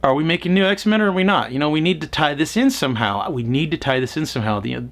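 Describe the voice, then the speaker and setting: A man's voice: fairly high pitch, animated, fast talker, creaky, a bit bright. A man reviewing a film in casual talk, rambling and sarcastic, with exasperated asides and a little swearing. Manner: profane, mocking quoted voices. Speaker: movie reviewer.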